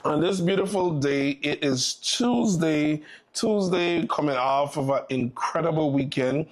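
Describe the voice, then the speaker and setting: A man's voice: fairly high pitch, measured pace. Upbeat male morning show host. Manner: upbeat, welcoming announcer. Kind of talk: live morning show hosting.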